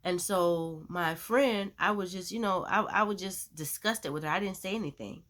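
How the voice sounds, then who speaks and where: A woman sharing a personal faith testimony as a vlogger, in a chatty, animated storytelling way with lots of "you know.". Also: on the low side, normal speed. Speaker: Christian vlogger.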